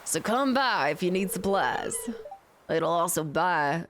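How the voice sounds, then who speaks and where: A folksy old fisherman with a rustic drawl, gruff but good-natured. A woman voices him while reading a video game's dialogue aloud. The voice sits lower than her own, with faint hiss behind it. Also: moderate pace, natural voice. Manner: lowered voice with a put-on rustic accent.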